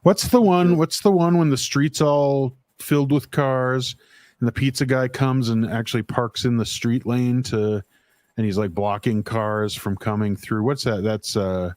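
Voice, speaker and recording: A man co-hosting a casual live-stream chat, rambling and halting with lots of fillers. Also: mid-range voice, steady tone, a little mellow, dry recording. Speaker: co-host.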